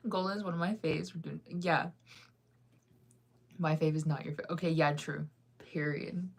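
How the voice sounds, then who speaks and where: A woman's voice: deep voice, fairly even intonation, unhurried, vocal fry, long pauses, breathy edge. A young woman chatting casually with her viewers while she reads comments, laughing often. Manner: chatty, laughs often, sings snippets off-key. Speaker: livestreamer reading comments.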